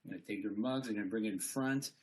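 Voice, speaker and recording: A man's voice: on the low side, quick pace. A man giving an informal talk on speaking and body language, explaining points with frequent fillers. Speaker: conference speaker. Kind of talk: informal presentation.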